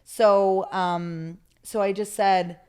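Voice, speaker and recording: A woman guest on a podcast, a therapist, telling stories in a candid, animated way and swearing freely. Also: mid-range voice, very slow, clean tone. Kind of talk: casual conversational interview.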